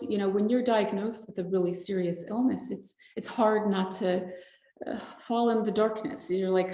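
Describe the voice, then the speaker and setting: Woman, podcast guest, halting reflective speech, emotional, mid-pitched voice, roomy echo. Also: gravelly, mellow. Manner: halting, reflective, many fillers. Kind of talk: personal testimony, casual talk.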